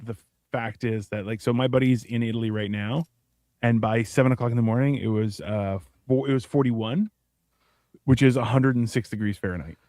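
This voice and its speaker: A man's voice: medium pitch, a little fast, darkish tone, dry recording. A man co-hosting a podcast in crude casual banter, rambling with fillers and acting out quotes, recorded close in a studio. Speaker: co-host.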